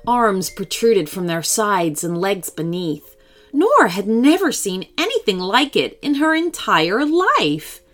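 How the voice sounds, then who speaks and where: A woman reading a children's story aloud in an expressive way. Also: mid-range voice, slow pace, soft background music.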